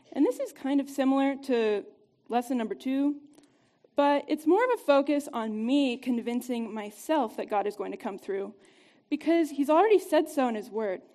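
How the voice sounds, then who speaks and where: A woman giving an upbeat, conversational devotional talk to a group, chatty and quick to laugh. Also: sits high, a little mellow. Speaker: church teacher.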